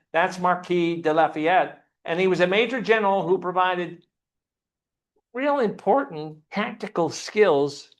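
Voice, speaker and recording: A man teaching a church Sunday class, often asking the class questions and repeating himself. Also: sits high.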